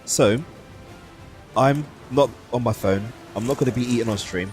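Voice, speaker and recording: A man's voice: medium pitch, moderate pace, a little mellow. A man co-commentating a fighting game tournament, bantering dryly with his partner. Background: music.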